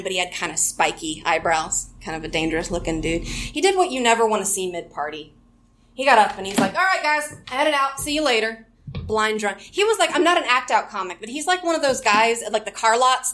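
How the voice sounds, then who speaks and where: A young woman comedian from Arkansas doing a live stand-up set on a theater stage, wry and self-mocking, with quick asides and frequent laughter. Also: on the high side, fairly bright tone. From Arkansas, USA.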